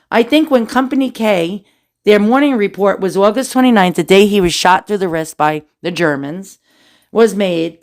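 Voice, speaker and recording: A middle-aged woman hosting a family history video, reading war records aloud with chatty asides and jokes. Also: mid-range voice. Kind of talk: casual documentary narration.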